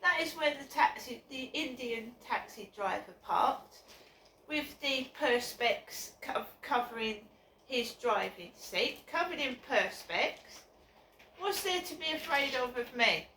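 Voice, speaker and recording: Upset woman vlogging, high bright voice, slow talker, echoey and a bit far from the phone mic. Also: lively intonation. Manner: upset, repetitive, insistent. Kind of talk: personal vlog monologue. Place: outdoors by her flats. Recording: echoey, off-mic with faint background noise.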